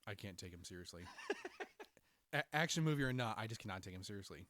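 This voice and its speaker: A man co-hosting a podcast in casual chat, telling stories in an animated way and laughing often. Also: lowish voice, fast talker, no room sound. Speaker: podcast co-host.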